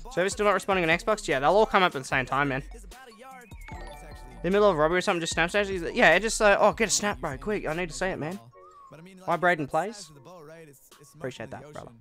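A young Australian man of eighteen talks at a quick clip with a bright, fairly high voice. He is chatty and laid-back, dropping "man" and "um" as he streams. Faint music plays behind him. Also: expressive. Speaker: gaming streamer. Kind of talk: casual live-stream chat reading viewer comments.

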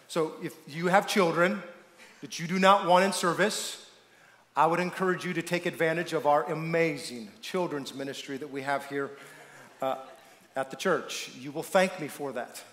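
A male pastor delivers an emphatic sermon in a high voice, pausing to throw questions to the congregation so they can complete his thoughts. His voice echoes around a large church sanctuary, with a long reverb tail. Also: a bit bright.

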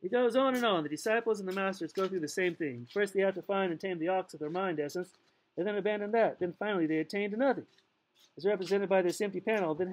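Poor audio captures a high-pitched man reading a novel aloud. As a casual audiobook narrator he keeps it loose and playful, stumbling now and then and adding remarks of his own.

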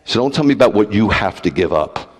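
A man preaching as a rabbi, blunt and animated, peppering the congregation with rhetorical questions and teasing jabs. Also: lowish voice, quick pace, husky. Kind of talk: livestreamed sermon. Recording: long hall reverb.

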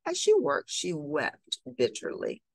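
A woman reading a picture book aloud, expressive and animated. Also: low-pitched, takes it slowly, vocal fry, breathy edge, dry recording. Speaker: storybook reader.

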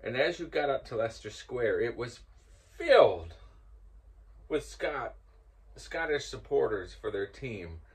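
An older man hosting and casually telling a story, growing loud and laughing as it builds. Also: medium pitch, sing-song, a little slow, long pauses. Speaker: host.

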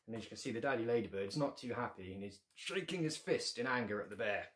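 A man's voice: medium pitch, animated, fast talker, few pauses, a bit bright. A man reading his picture book aloud to children, with playful asides to young listeners.

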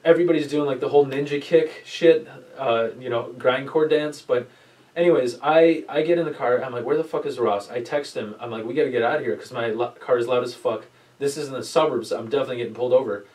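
A man on a casual podcast spins a rambling, profane story, raising his voice when he quotes friends. He sits a little away from the mic, so he sounds distant. He talks at an everyday middle pitch. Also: fast. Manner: rambling storyteller, swears a lot, animated quoting. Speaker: podcast host. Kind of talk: casual chat.

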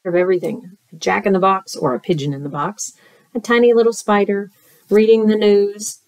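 A woman teacher reading a picture book aloud to children, expressive and playful, with squeals and sound effects. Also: mid-range voice, a little fast, dry recording.

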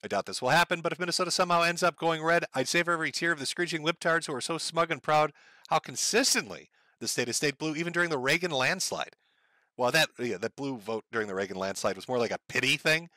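A man's voice: on the high side, fast, pushed and bright, no room sound. A man ranting profanely and sardonically on a casual live stream, reading out viewer donations from his home computer setup on a close desk mic.

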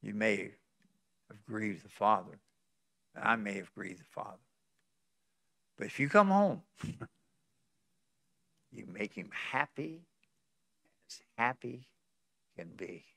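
Slow, bright-voiced pleading preacher man. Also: fairly low pitch, expressive, creaky, no room sound, clean studio sound. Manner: emotional, swings from loud pleading to hushed tones; laughs between phrases, folksy. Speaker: pastor. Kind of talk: sermon. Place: conference hall.

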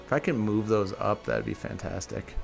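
A man's voice: lowish voice, moderate pace, gravelly, faint music behind. A man giving casual gameplay commentary for a building tutorial, chatting to viewers and thinking aloud as he corrects himself. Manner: chatty, talks to viewers as "guys". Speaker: video game tutorial creator.

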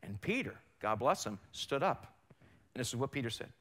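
A man's voice: medium pitch, big pitch swings, normal speed, a bit bright. A man preaching a sermon as pastor in a church, emphatic and rising and falling in force. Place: church sanctuary.

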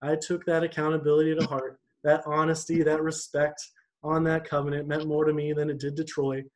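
A young man with a slightly higher-than-average voice tells a personal story during a church devotion. His delivery is animated and conversational, as if chatting with friends. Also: a little fast, rough recording.

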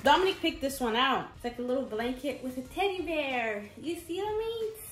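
A young woman chatting excitedly through a baby gift haul, calling her viewers "mates". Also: high-pitched, moderate pace, a little hiss or hum. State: pregnant, briefly out of breath. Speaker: vlogger. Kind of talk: casual haul vlog. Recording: echoey room.

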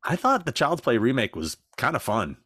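Animated, profane man telling stories. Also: mid-range voice, normal speed, slightly rough, no echo, clean studio sound. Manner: animated storytelling, profane, acts out voices. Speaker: podcast co-host. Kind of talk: casual chat.

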